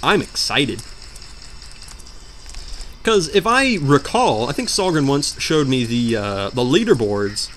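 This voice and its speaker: A young man narrates his gaming in let's play style, rambling, joking, and erupting into melodramatic outbursts. His medium-pitched, fairly bright voice is very animated, yet he talks slowly and pauses often. Slight background noise sits behind him.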